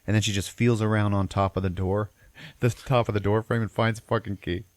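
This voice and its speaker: A man with a very deep, low voice recaps a film plot for his podcast, rambling and cursing freely as he goes. The sound is dry and close, with no room around it. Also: fairly even intonation, a little fast, darkish tone, dry recording. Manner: profane, rambling storyteller. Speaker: podcast host. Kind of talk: casual movie recap.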